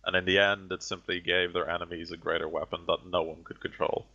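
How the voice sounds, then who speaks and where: A man voicing a callous, condescending ancient heretic sorcerer who gives slow, grandiose speeches. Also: sits low, level tone, sharp tone, exaggerated voice. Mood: menacing. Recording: dull lo-fi audio.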